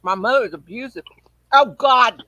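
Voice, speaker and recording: A woman's voice: fairly high pitch, normal speed, sharp tone, no room sound, dull audio. A woman hosting a casual livestream, chatty and teasing. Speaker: livestream host.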